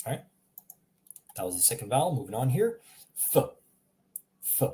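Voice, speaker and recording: A man talks through a language lesson in an easygoing way, with a mellow, darker tone. He slows down to sound out words carefully and lets a chuckle slip in now and then. His voice sits at an ordinary pitch for a man. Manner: relaxed, chuckling, slows down to model pronunciation. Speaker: language teacher. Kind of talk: casual spoken lesson.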